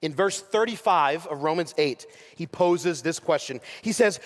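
Pastor guy preaching, fairly high voice, big hall echo, gets fired up then goes quiet. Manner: rising to impassioned peaks, dropping to soft pauses. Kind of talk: sermon. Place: church sanctuary. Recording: long reverb of a large hall.

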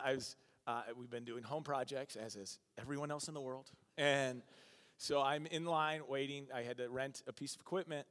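A pastor preaches to his church, moving from loud, lively storytelling to quiet, earnest points. His voice sits a touch high for a man. Long reverb from the hall trails after each line. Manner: animated, acts out quotes, laughs at his own stories. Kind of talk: sermon with storytelling.

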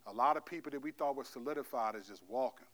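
A male pastor preaching a sermon, telling stories animatedly, playing out God's voice in slangy asides and then dropping into a quieter, gentle exhortation. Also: medium pitch, fast. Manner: drops to a soft, quiet delivery for the exhortation.

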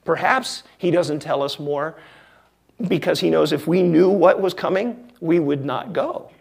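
A male pastor preaching a sermon in a wry, conversational way with emphatic pauses. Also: on the high side, creaky, darkish tone, breathy edge.

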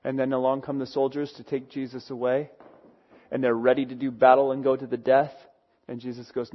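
A man's voice: medium pitch, steady tone, fairly quick, muffled recording. A man preaching a sermon in a conversational storytelling way, acting out the people he talks about. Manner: conversational storytelling with acted quotes.

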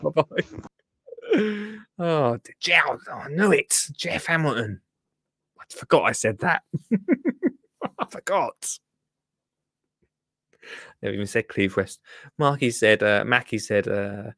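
A man's voice: medium pitch, lively intonation, slow, gravelly, pauses often, pushed and bright, no echo, clean studio sound. A man hosting a casual livestream, chatty and laughing, often muttering to himself and trailing off while he works the computer. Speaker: livestream host. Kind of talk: casual live-stream chat.

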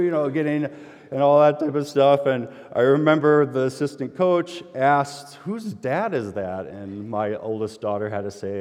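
Storytelling pastor in an echoing hall. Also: male voice, a little high, normal speed. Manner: conversational storytelling, grows loud and animated when excited. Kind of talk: sermon with personal story. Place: church sanctuary. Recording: long hall reverb.

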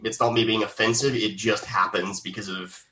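A man from Australia, a podcast guest in casual chat, animated and laughing often. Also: lowish voice, normal speed. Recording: roomy echo, faint noise.

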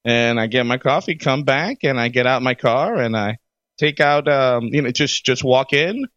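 Casual podcast co-host, male, lively storyteller, muffled lo-fi sound. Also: medium pitch, normal speed, dry recording. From Florida. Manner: animated storyteller, laughs often. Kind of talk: casual chat.

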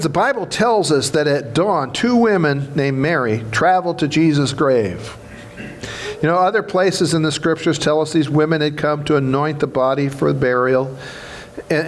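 A man's voice: on the high side, slight background noise. Emphatic pastor, a man preaching. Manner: emphatic, repeats key phrases, asks the congregation questions. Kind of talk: Easter sermon.

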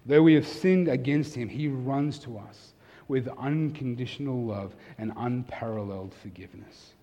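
A male pastor preaches with a middle-pitched voice that rises into emphatic bursts and drops to near-whispers. His words ring out in a hall with a long reverb tail. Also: normal speed. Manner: emphatic, swings from loud to soft and intimate. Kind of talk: sermon.

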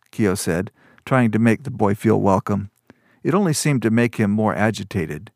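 A man reading a fantasy story aloud as narrator, in an even, measured manner. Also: no room sound, studio quality. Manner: even, measured storytelling, lifts pitch for dialogue. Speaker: audiobook narrator.

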